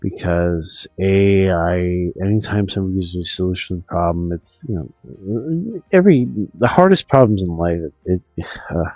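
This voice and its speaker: A man's voice: low voice, expressive, moderate pace, darkish tone, no room sound, soft background music, rough recording. A man streaming a profane, meandering rant full of restarts. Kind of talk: rambling monologue.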